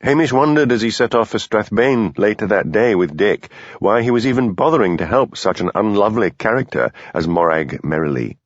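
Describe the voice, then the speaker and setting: A man narrating an audiobook in a measured, expressive reading. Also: lowish voice, no room sound. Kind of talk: scripted narration. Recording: dull lo-fi dry studio recording.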